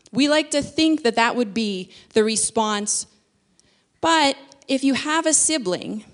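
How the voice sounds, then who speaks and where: A woman giving a sermon in a conversational way, explaining with everyday examples. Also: a little high. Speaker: speaker.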